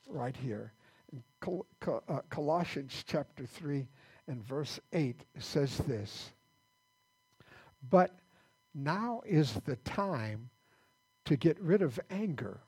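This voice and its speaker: In a church, a male pastor delivers a conversational sermon, halting and repeating words as he restarts sentences. His voice is medium-pitched, darkish, and husky.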